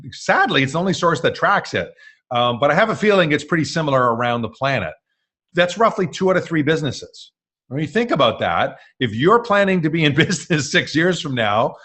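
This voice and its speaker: A man's voice: on the high side, fairly bright tone. A man hosting a live webinar masterclass, talking in an upbeat, jokey way with fillers. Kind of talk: energetic presenting.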